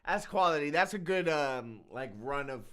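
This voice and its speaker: A man's voice: on the high side, animated, normal speed, heavy background noise. A man hosting a reaction video, giving easygoing commentary that trails off with fillers. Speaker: reaction channel host.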